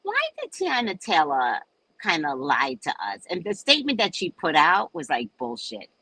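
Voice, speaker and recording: Older new orleans lady chatting w/ viewers, voice jumps all over, kinda husky, low-ish. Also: moderate pace, no room sound, poor audio. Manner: animated storytelling with swings in voice. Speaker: host. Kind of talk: casual chat with live viewers.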